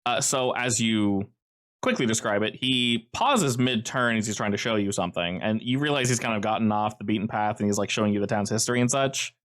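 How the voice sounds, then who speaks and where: A man's voice: lowish voice, brisk, a bit bright. A man running a tabletop role-playing game as game master, narrating casually with fillers.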